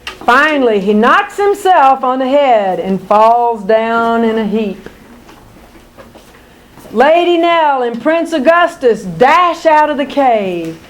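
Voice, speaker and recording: A woman narrating a children's picture book aloud in an expressive, deliberate way. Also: a little high.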